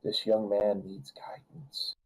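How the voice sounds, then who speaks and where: A man voicing a gentle, wise goddess who speaks softly and knowingly in a tabletop game. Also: lowish voice, slow, breathy edge, full character voice, rough recording. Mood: soft, solemn.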